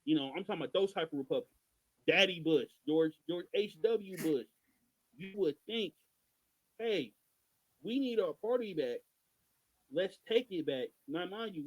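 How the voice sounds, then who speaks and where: A man with a somewhat raised pitch co-hosts a loose podcast conversation. He talks in an exasperated, emphatic rant, hammering his points home. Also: low-quality recording. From Missouri. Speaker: podcast co-host. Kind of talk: casual podcast chat.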